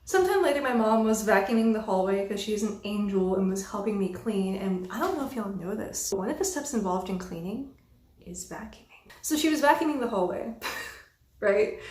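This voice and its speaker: A young woman vlogger telling a storytime about a bad roommate, exasperated and animated, swearing freely. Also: mid-range voice, normal speed. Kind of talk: casual storytime monologue. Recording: roomy echo.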